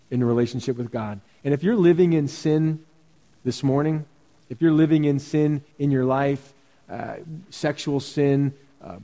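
An earnest male pastor preaches in a plain, conversational way and presses his points through repetition. His voice sits a little high for a man, with a mellow, warm tone. The long reverb of a church hall trails his words, and the recording sounds dull. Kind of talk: sermon. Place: church sanctuary.

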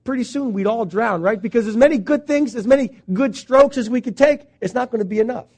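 A man's voice: very high-pitched, fairly quick, darkish tone. A male pastor preaching a conversational sermon, asking the congregation questions as he goes.

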